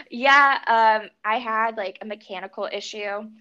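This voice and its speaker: A woman's voice: fairly high pitch, expressive, takes it slowly, bright, forceful tone. A young woman, a pilot, chatting casually as a podcast guest, laughing often and using lots of fillers. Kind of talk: casual interview chat. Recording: slightly dull lo-fi sound.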